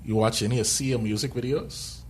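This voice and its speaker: A man's voice: mid-range voice, steady tone, a little fast, slight background noise. A man co-hosting a podcast in casual chat, rambling, joking and laughing often. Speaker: podcast co-host.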